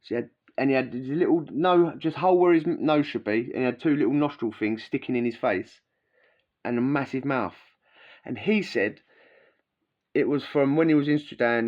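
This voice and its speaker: A man's voice: medium pitch, muffled recording. Slangy man telling stories. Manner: rambling and slangy, with many fillers and asides. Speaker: vlogger recounting prison life. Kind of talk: casual storytelling.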